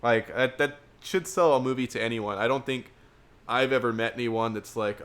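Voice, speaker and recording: Young male podcast host, casual and excitable, rambles through movie picks in an average-pitched voice. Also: normal speed. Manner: excitable, repeats words, rambling with fillers. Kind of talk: casual livestream film review.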